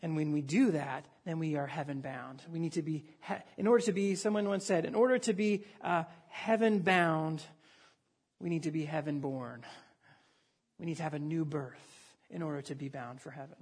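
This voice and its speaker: Husky-voiced male pastor preaching conversationally. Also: on the high side, moderate pace. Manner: animated, conversational preaching with frequent restarts. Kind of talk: sermon.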